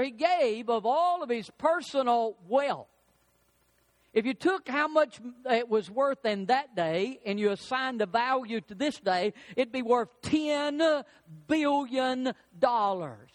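A man preaches from the pulpit at an unhurried, deliberate pace, pressing his points home with rhetorical questions. His voice sits high for a man. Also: expressive. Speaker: pastor. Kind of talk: sermon.

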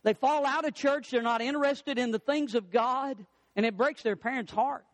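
A middle-aged male pastor preaching a sermon, swinging his pitch and pace for emphasis. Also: normal speed, no echo.

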